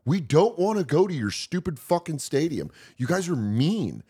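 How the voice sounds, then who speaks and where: A man with a fairly high voice talks on a podcast as a guest comedian. He tells stories in a loose, animated way and swings his pitch widely. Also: moderate pace, slightly rough. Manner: animated storyteller who acts out shouting fans. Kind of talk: casual podcast chat.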